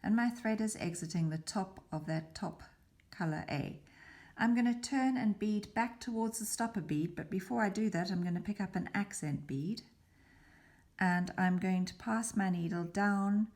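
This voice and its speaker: A woman's voice: medium pitch, a little slow, darkish tone. A woman giving a patient, methodical beading demonstration, dropping to a whisper now and then as she works. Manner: patient, methodical, slipping into a whisper while concentrating. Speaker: beading tutor. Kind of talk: step-by-step craft demonstration.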